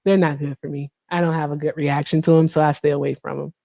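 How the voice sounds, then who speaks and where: A woman's voice: deep voice, fast talker, creaky. Laughing, profane woman streamer. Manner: profane, laughing, animated storyteller. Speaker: livestream host. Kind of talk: casual storytelling chat.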